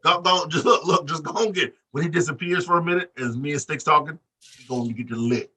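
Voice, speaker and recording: A man co-hosting a wrestling podcast, talking in loose, profane banter with big animated swings in his voice. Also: quick pace, breathy edge. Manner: animated, profane, acts out quotes with big pitch jumps. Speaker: podcast co-host. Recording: distant mic.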